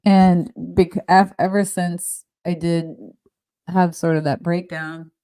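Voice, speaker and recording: A middle-aged woman podcast host talks earnestly in a casual, heartfelt conversation, frequently halting and starting again. Her voice is lowish, level, and dark in tone.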